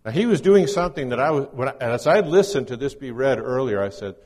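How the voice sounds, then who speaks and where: A man's voice: mid-range voice, expressive, quick pace, a little mellow. Man preaching in a reverberant church. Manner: conversational, folksy teaching with scripture readings. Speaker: guest preacher. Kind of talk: sermon.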